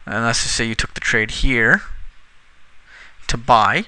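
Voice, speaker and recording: A trading instructor talks through a screen-recorded tutorial casually, his very bright, crisp mid-range voice full of lively intonation. The recording is dry and close, with no room sound. Frustrated, he occasionally swears at his slow computer.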